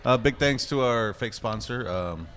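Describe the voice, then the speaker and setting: A man's voice: medium pitch, animated, unhurried, fairly bright tone. A man hosting a casual podcast, reading out sponsors and leading into the segments. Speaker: podcast host. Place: restaurant bar.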